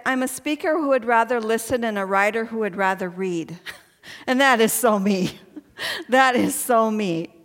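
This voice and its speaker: High-voiced woman giving a testimony talk. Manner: chatty and earnest, laughing often. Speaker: speaker at a women's gathering. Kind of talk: personal faith testimony talk. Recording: long hall reverb.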